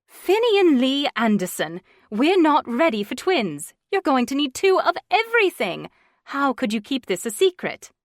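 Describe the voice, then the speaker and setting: A woman's voice: high voice, big pitch swings, a little slow, no echo, studio quality, pitched above the performer's own voice. A woman doing a scolding mother. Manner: loud, reproachful. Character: scolding middle-aged mother, bossy.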